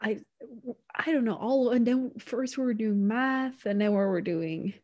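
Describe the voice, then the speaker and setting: A young woman with a slightly high voice chats casually on a podcast. She rambles through stories, restarting her sentences and laughing along the way. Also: unhurried, a little mellow, no echo, muffled recording. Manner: rambling storyteller, laughs often, many restarts. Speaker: podcast co-host. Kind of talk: casual chat.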